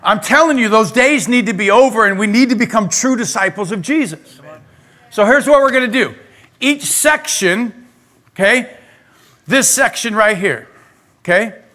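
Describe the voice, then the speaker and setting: Bright-voiced, high-pitched male pastor. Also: moderate pace. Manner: lively, talks straight to the congregation. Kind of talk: sermon. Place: church sanctuary.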